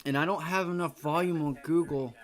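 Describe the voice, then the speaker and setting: A man's voice: a little high, fairly even intonation, a little fast. A young man giving live trading commentary on a stream, frustrated, swearing and repeating his exclamations. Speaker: day trader streaming live.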